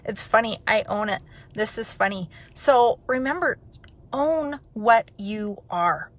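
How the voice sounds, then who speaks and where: A woman telling a personal story in a chatty, animated way, then turning it into an encouraging message. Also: medium pitch. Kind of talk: personal storytelling and motivational talk.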